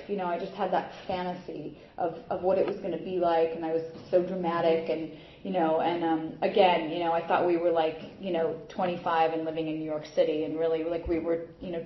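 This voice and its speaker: A young adult woman giving a personal recovery talk at a meeting, rambling with many fillers and restarts. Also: on the low side. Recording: muffled echoey room recording.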